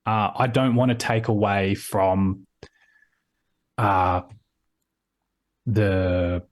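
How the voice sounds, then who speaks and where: A man's voice: on the low side, flat delivery, drawn-out words. A man with an Australian accent, a guest in a casual interview, talking in a rambling way with lots of restarts, heard over a video call.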